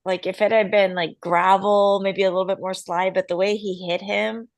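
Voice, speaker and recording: Gravelly-voiced woman co-host. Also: mid-range voice, level tone, no echo. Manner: laughing, quick interjections. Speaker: podcast co-host. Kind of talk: casual podcast banter.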